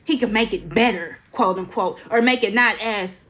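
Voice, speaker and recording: A woman's voice: mid-range voice, normal speed, a bit bright. A young woman co-hosting a podcast, chatting casually and laughing as she tells stories. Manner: laughing, storytelling, teasing. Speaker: podcast co-host.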